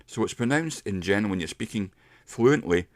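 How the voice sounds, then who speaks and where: A middle-aged man giving a casual pronunciation lesson, explaining step by step and slowing down to demonstrate sounds. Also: on the low side, animated, no echo. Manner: unhurried, explains step by step with slowed demonstration words. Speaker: English pronunciation teacher.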